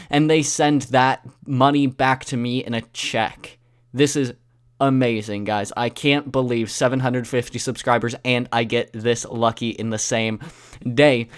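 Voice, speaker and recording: A young man, a YouTuber, telling a story to his viewers in a sarcastic, deadpan way. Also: medium pitch, no echo, studio quality. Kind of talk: casual storytelling vlog.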